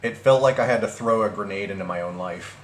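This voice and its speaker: A young man vlogging casually about a breakup, halting and restarting his sentences with many fillers. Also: fairly low pitch. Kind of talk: casual personal vlog. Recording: echoey room with faint ambient noise.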